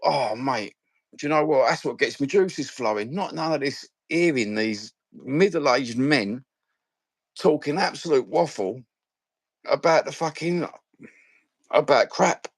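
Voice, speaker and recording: A man's voice: mid-range voice, lively intonation, unhurried, husky, no echo. A man with a Cockney accent hosting a fan live stream, rambling and swearing in slang-filled casual chat. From London. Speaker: fan channel host.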